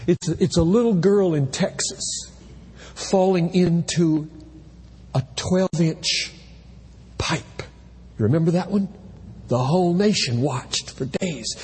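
A man preaching a sermon from the pulpit with impassioned delivery, at times rising to shouts. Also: a little high, expressive, a little slow, breathy edge, in a large hall. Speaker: pastor. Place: church sanctuary.

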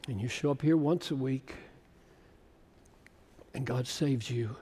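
A man in his seventies preaching a sermon with passion, building to loud, emphatic peaks. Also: medium pitch, takes it slowly, long pauses, husky. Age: 70s. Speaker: pastor. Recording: long hall reverb.

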